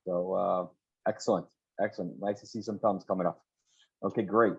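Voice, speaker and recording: A man's voice: deep voice, fairly even intonation, moderate pace, vocal fry, slightly rough, highs cut off. Upbeat man hosting a video call. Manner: upbeat, encouraging, repeats words often. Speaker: co-host of online talk show. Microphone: video call audio.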